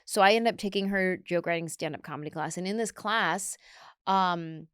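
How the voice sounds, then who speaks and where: Smooth-voiced woman telling a lively story. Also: on the low side, normal speed, dry recording, clean studio sound. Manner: animated, acts out other people's lines. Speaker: guest comedian. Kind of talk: storytelling in a podcast interview. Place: podcast studio.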